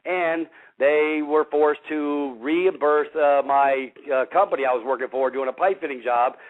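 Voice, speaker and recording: A man's voice: on the high side, fairly even intonation, a little slow. A man hosting a radio show, talking bluntly and combatively to his listeners and calling them folks. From Missouri. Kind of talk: casual talk radio monologue. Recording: tinny phone-line radio audio.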